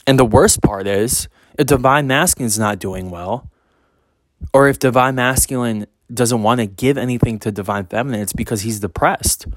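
A man's voice: medium pitch, normal speed, no room sound. A man speaking as a spiritual reader in a casual monologue, blunt and emphatic, cursing freely.

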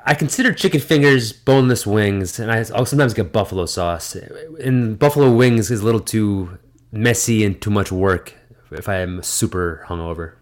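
A man co-hosting a casual comedy podcast, rambling with fillers and chiming in with quick reactions. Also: on the low side. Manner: rambling, laughs easily, lots of fillers. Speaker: podcast co-host.

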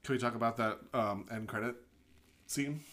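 A laid-back podcast co-host in casual movie talk. Chimes in with quick laughs and easy profanity. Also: mid-range voice, fairly bright tone. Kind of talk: casual movie recap chat.

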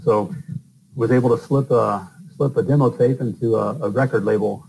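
A man's voice: medium pitch, normal speed, gravelly, dark tone, slight background noise, rough recording. A middle-aged man from the northern US, a plumber and podcast host, telling stories in a loose, rambling way with lots of fillers. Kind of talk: casual storytelling interview.

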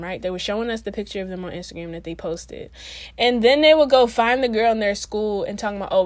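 A woman's voice: medium pitch, dry recording. A young woman vlogging in a casual, chatty way, full of slang and fillers, speaking straight to her viewers. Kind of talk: casual talk to camera.

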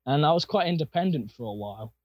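A young man with a husky, breathy voice that sits a little high for a man. He tells his personal story in an earnest, rambling way, leaning on fillers as he goes. The sound is dry and close, with almost no room around it. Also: lively intonation, fast, no echo, highs cut off. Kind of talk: casual personal testimony.

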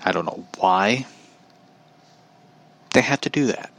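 A man's voice: on the low side, animated, takes it slowly, vocal fry, fairly bright tone. A man telling a story in a casual, opinionated rant, swearing freely and laughing at his own anecdote.

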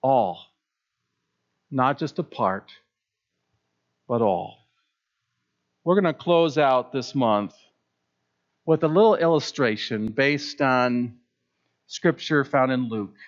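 A male pastor preaching with emphatic swells and drops. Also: medium pitch. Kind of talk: sermon. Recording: dull lo-fi sound.

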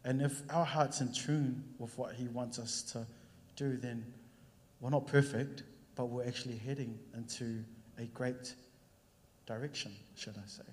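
A young man speaks from the front of a church, sharing a personal story in a casual, chatty way. He acts out both sides of conversations as he goes, at an everyday pitch. The hall around him gives his voice a long, lingering reverb. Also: steady tone, a little slow, darkish tone. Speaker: church worship leader sharing a testimony. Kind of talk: casual sermon testimony.

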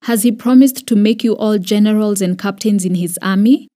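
A woman with a Kenyan accent voicing an angry, suspicious old king who shouts accusations at his men. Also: mid-range voice, normal speed, close to an everyday voice. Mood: furious, accusing.

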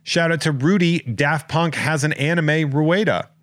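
A man hosting a podcast in casual chat, joking and rambling through listener shout-outs. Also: on the high side, unhurried, dry recording. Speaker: podcast host.

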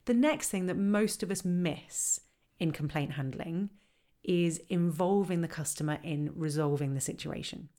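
A woman on a podcast explaining how to handle complaints, lively and acting out the lines customers and staff might say. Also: on the low side, a little slow. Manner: animated, acts out quoted dialogue. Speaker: customer service trainer.

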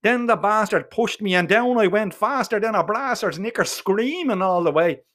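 A man with an Irish accent telling a comic first-person story in a profane, colloquial and animated way. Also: high-pitched, moderate pace. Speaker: narrator.

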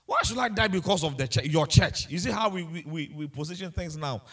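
A man's voice: fairly high pitch, expressive, fairly quick, fairly bright tone, slightly rough. A man preaching a sermon with passion, repeating himself and asking the congregation rhetorical questions. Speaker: pastor.

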